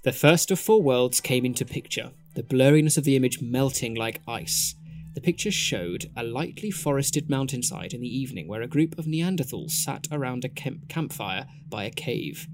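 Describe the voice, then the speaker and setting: A man's voice: medium pitch, animated, normal speed, a little hiss or hum. A man co-hosting a podcast, reading interactive fan fiction aloud in a playful way and laughing at his own puns. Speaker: podcast co-host.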